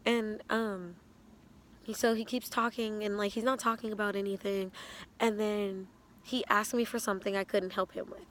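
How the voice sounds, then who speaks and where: A young woman telling a casual storytime vlog, animated and slangy, often breaking into laughs. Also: medium pitch, moderate pace, a little hiss or hum. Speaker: vlogger.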